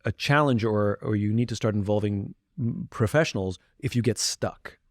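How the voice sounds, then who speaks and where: A man with a lowish voice, speaking at a normal speed, talks openly about himself as a podcast guest. He is self-reflective and conversational, acting out quoted voices. The recording is clean studio sound, dry.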